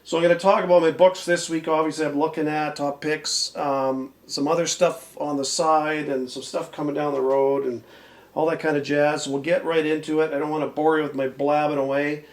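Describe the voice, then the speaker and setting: A man hosting a comic book video, talking casually and rambling, a bit hoarse as he loses his voice. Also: fairly high pitch, level tone, a little fast, reverberant. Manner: rambling, chatty, laughs often. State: slightly hoarse, losing his voice. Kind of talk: casual chat.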